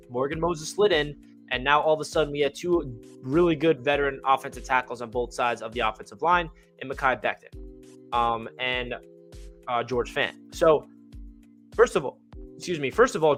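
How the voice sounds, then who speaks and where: A young man talking casually and with excitement about his football team, rambling and full of fillers, with hiccups. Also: a little high. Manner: rambling, enthusiastic, many fillers. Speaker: fan channel host.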